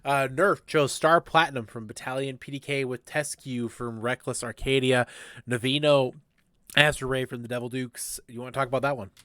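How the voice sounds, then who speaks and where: A man hosting a casual esports podcast, briskly running through a list of draft picks and asking his co-hosts about them. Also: medium pitch, fairly even intonation, fairly bright tone, no echo, studio quality. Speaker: podcast host.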